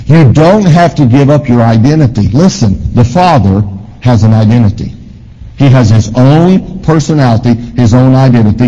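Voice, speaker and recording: A man pastor preaching a sermon with emphatic swings in pitch and volume, asking the congregation questions. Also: mellow. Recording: long hall reverb.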